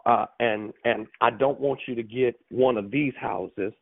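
A man voicing a male realtor calmly explaining advice, over a tinny phone line. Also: mid-range voice, a little slow, creaky. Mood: advising. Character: adult male realtor, patient and advising.

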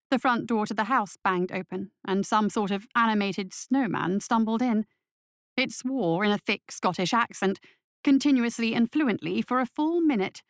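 A woman narrating an audio story in a steady, measured way. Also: medium pitch, no echo, clean studio sound.

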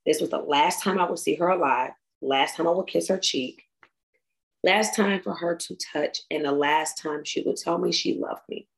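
A young woman reading a personal memorial tribute aloud, tearful and halting, stumbling and restarting as she goes. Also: low voice, gravelly, rough recording. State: tearful, crying.

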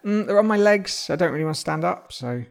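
A man's voice: sits high, animated, fast talker, creaky. A man co-hosting a casual comedy podcast chat, laid-back and giggly with hesitant starts. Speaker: podcast co-host.

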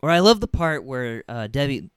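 A man in a casual movie discussion who retells scenes with lively emphasis and hesitant fillers. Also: mid-range voice, moderate pace, smooth, dry recording, studio quality.

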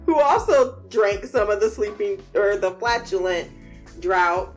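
A woman casually recapping a TV episode, slangy and animated, acting out the characters' lines and laughing often. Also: mid-range voice, measured pace, faint music behind.

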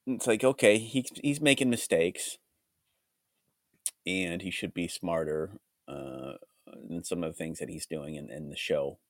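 A man hosting a solo podcast with a groggy, hoarse voice from a cold, talking in a rambling, reflective way. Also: low voice, unhurried, dry recording, clean studio sound. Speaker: podcast host. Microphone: studio mic.

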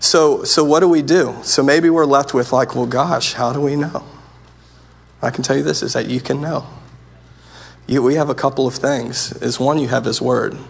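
A man's voice: medium pitch, steady tone, normal speed, gravelly, slightly rough. A man preaching a sermon as pastor, earnest and conversational, often restarting his sentences.

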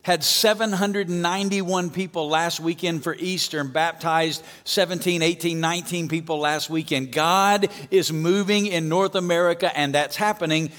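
High-voiced Southern preacher in a reverberant hall. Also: male voice, normal speed, hardly any pauses. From Alabama. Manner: energetic, calls for amens and audience response. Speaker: guest pastor. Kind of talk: sermon. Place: church auditorium stage.

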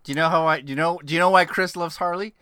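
A man's voice: a little high, fairly even intonation, racing, pushed and bright, slight background noise. A man from San Antonio, co-hosting a casual movie podcast, ranting and swearing freely. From San Antonio, Texas. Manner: ranting, swearing, laughing between jokes. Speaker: podcast co-host. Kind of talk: casual profane movie chat.

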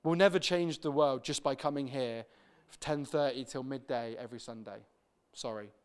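A man's voice: medium pitch, moderate pace, smooth. A young British man preaching a sermon as pastor, telling chatty everyday stories and acting out the people he quotes. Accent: British English.

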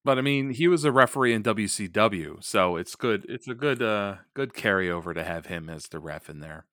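A man co-hosting a podcast, chatting casually and excitedly about a wrestling match, with lots of fillers and restarts. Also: lowish voice, normal speed, no room sound, studio quality. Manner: animated, rambling with many fillers. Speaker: podcast co-host.

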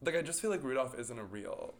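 Animated man chatting on a podcast. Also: medium pitch, quick pace. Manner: animated, laughing often, jokey asides. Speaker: podcast co-host. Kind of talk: casual chat.

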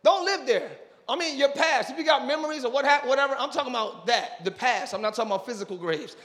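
A male pastor preaching a sermon in church, talking with the congregation and rising into loud shouting praise. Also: extremely high pitch, quick pace, in a large hall. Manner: preaching with call-and-response to the congregation.

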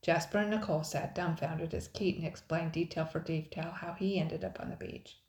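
A woman narrating a children's adventure storybook in a steady, dramatic read-aloud. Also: sits low, moderate pace. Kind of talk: storybook reading. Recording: roomy echo.

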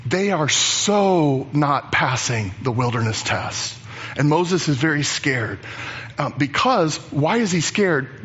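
A man preaching a sermon as pastor, animated and chatty, acting out the voices of Bible figures. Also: on the high side, slow pace, husky, muffled recording.

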